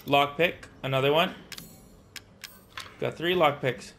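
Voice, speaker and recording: Jumpy young man doing slow game commentary. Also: fairly high pitch, a bit bright, a little hiss or hum. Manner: jumpy, talks to viewers, mutters to himself. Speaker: gaming streamer. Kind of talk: casual let's-play commentary.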